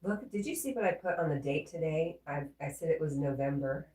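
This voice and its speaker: A woman's voice: low voice, fairly quick, warm tone, reverberant, far from the mic, rough recording. A woman hosting a casual livestream, chatting with viewers in a playful, teasing way. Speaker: livestream host. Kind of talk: casual live chat.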